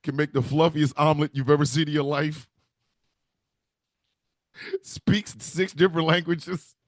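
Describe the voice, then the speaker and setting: A man delivering a rambling, profane comedy rant with animated storytelling. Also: fairly high pitch, a little slow, no room sound, studio quality.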